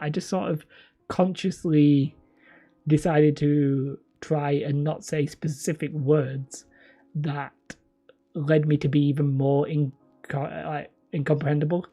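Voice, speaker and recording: A man's voice: fairly high pitch, steady tone, moderate pace, warm tone, faint music behind. A man from northern England chatting casually with viewers as a hobby channel host, mumbly and a little whiny, rambling and self-mocking. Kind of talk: casual live-stream chat.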